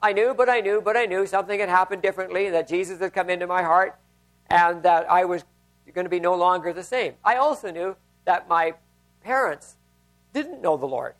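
Male pastor with a high-pitched voice, conversational sermon with anecdotes and frequent restarts. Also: a little fast, a bit bright.

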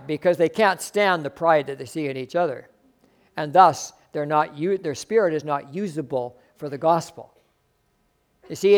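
High-voiced man preaching a lively sermon. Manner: animated preaching, swinging between loud emphasis and soft asides. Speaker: pastor.

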